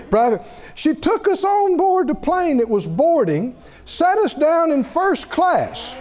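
Man preaching, high voice, very animated pitch, storytelling sermon with laughs. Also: a little hiss or hum. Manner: lively, wide-ranging pitch.

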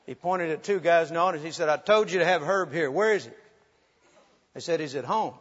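A man's voice: on the high side, a little fast, long reverb tail, lo-fi sound. A man preaching, telling humorous stories animatedly and acting out the voices of the people in them. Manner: animated, humorous, acts out quotes, laughs often. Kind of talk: sermon storytelling.

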